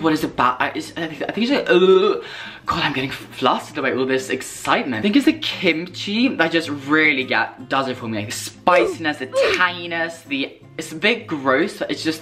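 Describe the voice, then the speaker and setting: A young man with a British accent talking in a casual vlog, excitable, dramatic and sassy, swearing freely. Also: fairly high pitch. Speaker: vlogger. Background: background music.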